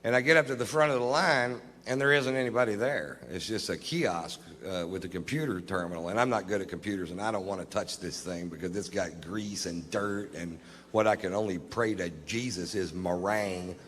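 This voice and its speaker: A stand-up comedian telling stories on stage in a laid-back, deadpan, profane manner. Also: male voice, low voice, brisk, slight background noise. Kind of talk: live stand-up storytelling. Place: live comedy venue on stage. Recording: live venue with reverb and crowd.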